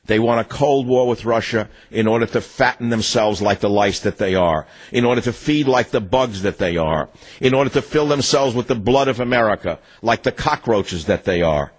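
A man's voice: lowish voice, moderate pace, slightly rough, dull audio. An older man hosting a political talk radio show, reading an ad and then ranting in a combative, mocking way.

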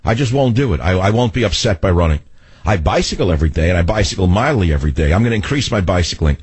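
An older man hosting a radio talk show, rambling through stories with restarts and lively asides. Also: sits low, fast talker, husky, no echo. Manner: rambling, animated storytelling with restarts. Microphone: studio microphone.

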